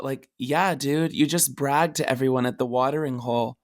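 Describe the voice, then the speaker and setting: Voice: medium pitch, steady tone, moderate pace. A podcast co-host chatting casually, joking and reacting with amazement. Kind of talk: casual chat.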